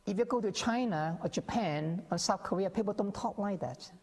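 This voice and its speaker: A man's voice: sits high, moderate pace, creaky, darkish tone, husky. A male guest scholar explaining his views in a TV interview, with many restarts and acted-out quotes. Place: TV interview set. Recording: long reverb on the voice.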